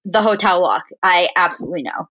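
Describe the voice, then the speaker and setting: Bright, agreeable woman co-host. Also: lowish voice, expressive, a little fast. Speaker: podcast co-host. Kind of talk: casual chat.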